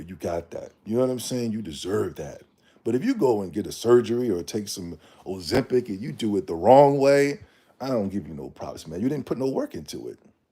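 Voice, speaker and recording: Man, livestream host, casual rant, blunt slang, dark husky tone. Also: lowish voice. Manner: blunt slangy opinionated ranting. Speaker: streamer.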